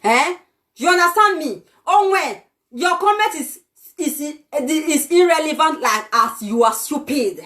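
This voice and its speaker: With a high, animated, fairly bright voice and a measured pace, a young adult Nigerian woman goes on a vlog rant. She berates and insults her audience in a fiery tone.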